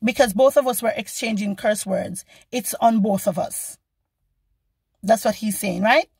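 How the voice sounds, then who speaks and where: A woman vlogger telling a story in a casual, animated and indignant way, acting out the people she quotes. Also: mid-range voice, a little slow, gravelly, husky, no room sound.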